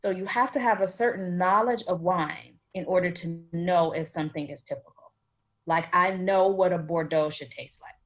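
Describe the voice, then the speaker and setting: A woman from the United States answers interview questions as a wine expert. Her voice sits low with a husky, breathy edge. She tells her stories animatedly and drifts into tangents. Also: normal speed. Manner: animated storyteller, chatty with tangents.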